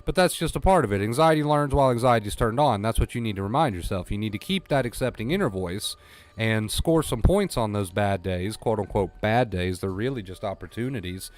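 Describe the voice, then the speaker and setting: A man's voice: fairly low pitch, expressive, a little fast. A man coaching viewers through anxiety recovery on a live stream, blunt and repeating himself for emphasis. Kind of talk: live-stream talk to chat.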